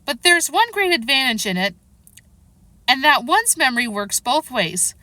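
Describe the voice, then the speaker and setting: A woman reading aloud, voicing a fussy, muddled queen who lectures in a lofty way and breaks into shrill screams. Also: sing-song, normal speed, pushed and bright, no room sound, full character voice. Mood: matter-of-fact. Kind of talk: audiobook character reading.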